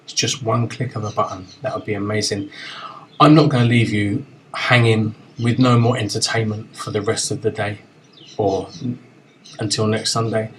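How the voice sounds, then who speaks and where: A man hosting a chat show, talking in playful, quick-fire banter with a guest. His pitch sits in an ordinary middle range, with faint noise in the background. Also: fairly even intonation, a bit bright, low-quality recording. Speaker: host. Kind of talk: casual chat.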